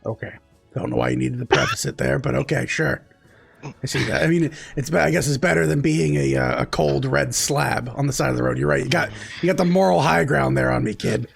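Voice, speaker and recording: A man doing a cocky gravelly ghoul. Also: mid-range voice, a little fast, soft background music. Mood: cocky banter. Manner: cocky, teasing.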